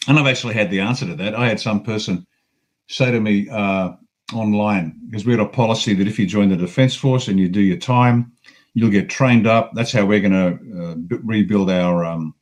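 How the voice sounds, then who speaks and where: A man's voice: lowish voice, a little mellow. Fired-up Australian man ranting. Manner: angry, profane, emphatic. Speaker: guest. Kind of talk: heated political rant.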